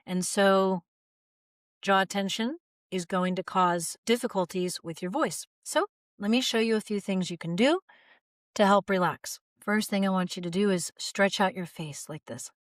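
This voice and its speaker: A woman in her forties speaking as a voice teacher in an instructional video. Her delivery is calm and gently guiding. The sound is close and dry, with no room echo. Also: mid-range voice, a little slow.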